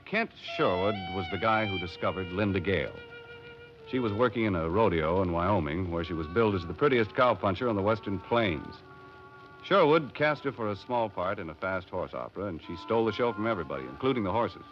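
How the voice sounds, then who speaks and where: A man's voice: deep voice, a little fast, over music, close to an everyday voice. An actor playing a laid-back boat captain who narrates his own story, in a 1950s radio drama with an old, dull broadcast sound. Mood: calm. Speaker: narrator and lead character.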